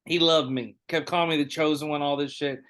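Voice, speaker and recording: A man hosting a podcast, telling a story in a casual, animated way with lots of swearing and acted-out dialogue. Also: a little high, fairly quick. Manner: animated, profane, acts out others' lines. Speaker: podcast host.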